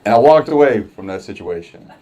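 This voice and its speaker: A man's voice: lowish voice, animated, fairly quick, dark tone. A man performing a stand-up comedy set on a club stage, telling a casual, profane story with wry asides. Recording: live club crowd and music.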